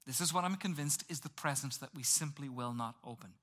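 A man preaching a sermon in a lively, conversational way, acting out little voices for humor. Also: medium pitch, a little fast. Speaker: pastor.

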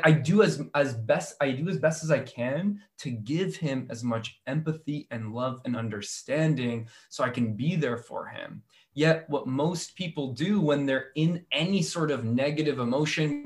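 A man speaking earnestly on a podcast, reflective and searching, often starting a thought twice before settling. His voice sits at an ordinary middle pitch. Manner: earnest, reflective, many restarts.

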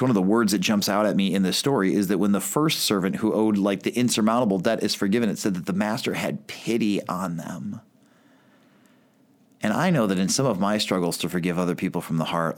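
A pastor with a deep, low-pitched voice preaches a sermon conversationally, full of "like" and self-corrections and restarts, sounding more like he's chatting with listeners than orating.

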